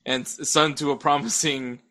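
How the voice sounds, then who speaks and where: A man's voice: on the high side, steady tone, moderate pace, bright, forceful tone. A young man in casual sports chat as a podcast guest, stammering, restarting his sentences and chuckling between points.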